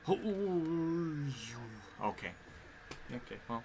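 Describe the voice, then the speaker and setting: A man's voice: mid-range voice, big pitch swings, normal speed, over music. A man streaming a racing game, cursing at the game and muttering under his breath. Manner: frustrated, profane, swearing often at the game. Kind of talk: live gameplay commentary.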